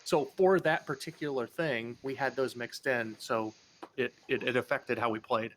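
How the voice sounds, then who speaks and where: A man's voice: medium pitch, normal speed, fairly bright tone. A man chatting loosely as game master before a tabletop session, swearing freely.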